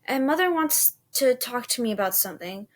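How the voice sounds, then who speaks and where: A woman's voice: fairly high pitch, lively intonation, a little fast, natural voice. A woman doing a shy, complaining girl. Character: shy, stubborn young girl. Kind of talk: storybook reading.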